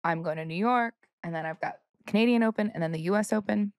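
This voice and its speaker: A woman's voice: mid-range voice, fast, no room sound. Playful young American woman, dry mic. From United States. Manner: laughs easily, upbeat and playful. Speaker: podcast co-host, pro golfer. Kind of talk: casual chat.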